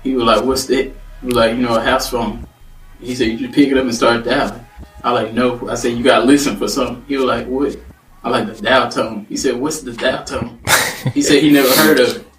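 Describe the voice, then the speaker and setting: A man's voice: medium pitch, fairly even intonation, brisk, fairly bright tone. A man co-hosting a podcast, chatting casually and telling stories, acting out the voices of the people he quotes. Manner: storytelling, acts out quoted voices. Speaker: podcast co-host. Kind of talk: casual chat. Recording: roomy, distant mic, faint music.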